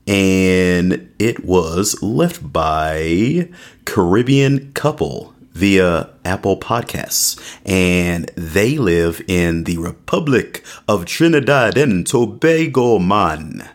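A young man hosting a podcast in a casual, jokey monologue, tagging his lines with "okay?". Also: low voice. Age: young adult. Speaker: podcast host. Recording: music playing underneath.

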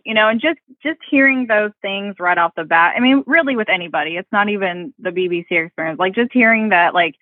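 A woman guest in a relaxed, chatty conversation who giggles easily. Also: lowish voice, fairly quick, dry recording. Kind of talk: casual chat. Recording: tinny phone line, dry.

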